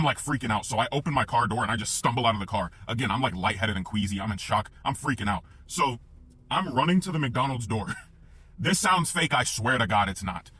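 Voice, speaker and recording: A young man telling a personal story in a casual, profane, animated way, acting out the sounds as he goes. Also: mid-range voice, slightly rough.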